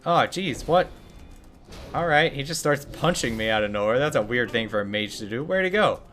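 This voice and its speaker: A man's voice: medium pitch, expressive, normal speed, a bit bright. A man streams a fantasy game and comments on it in a loose, joking way. His voice sits mid-range, with faint music playing under it. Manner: joking and wry. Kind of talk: casual gameplay commentary.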